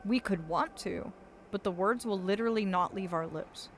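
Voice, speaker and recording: A woman's voice: medium pitch, normal speed, a little hiss or hum. A woman streaming a game live, chatting playfully and reading game lines aloud as she plays. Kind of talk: live gameplay commentary. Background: game music.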